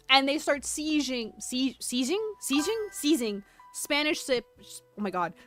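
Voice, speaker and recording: Excitable streamer woman, high voice. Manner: excitable, self-deprecating, laughs often, reads chat aloud. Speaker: streamer giving a history presentation. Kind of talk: live stream presentation and chat. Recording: faint music behind voice.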